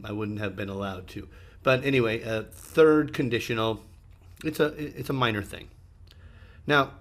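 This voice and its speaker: Male English teacher giving conversational feedback. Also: mid-range voice. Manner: conversational, with many ums and uhs, stressing words to demonstrate. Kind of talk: online speaking feedback lesson.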